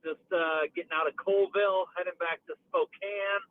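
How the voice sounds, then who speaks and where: A man's voice: sits high, steady tone, moderate pace, slight background noise. A man calling in to a radio show from the road, talking in a folksy way. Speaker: radio caller. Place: on the road, driving. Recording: tinny phone line.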